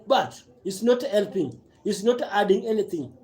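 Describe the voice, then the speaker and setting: A man's voice: sits high, lively intonation, normal speed, darkish tone. A man with a Kenyan accent giving impassioned, repetitive political commentary on a live stream, mixing broken English with Swahili.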